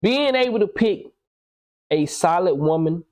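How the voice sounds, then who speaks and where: A man's voice: high-pitched, lively intonation, unhurried, darkish tone, rough recording. A man in his thirties holds forth in a loose podcast chat. He is blunt and preachy, drops curse words freely and lectures the listener. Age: 30s. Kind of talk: casual podcast conversation.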